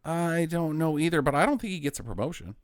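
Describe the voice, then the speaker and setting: A man's voice: a little high, expressive, fast talker, no echo, clean studio sound. A man hosting a casual chat, leading the questions and joking, laughing often. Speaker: podcast host.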